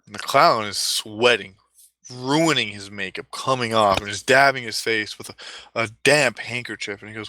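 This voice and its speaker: A man telling a comic story in a deliberate way, with dramatic pauses and asides. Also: on the low side, sharp tone, dry recording.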